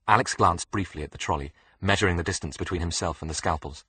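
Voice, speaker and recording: Deep, husky male audiobook narrator. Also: quick pace, hardly any pauses, sharp tone. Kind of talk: scripted narration.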